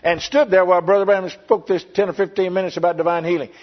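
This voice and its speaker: An older pastor gives an earnest sermon testimony, circling back on his words and pausing as he tells the story. His voice sits a little high for a man. The recording is dull and lo-fi. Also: flat delivery. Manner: earnest storytelling with repetitions and pauses.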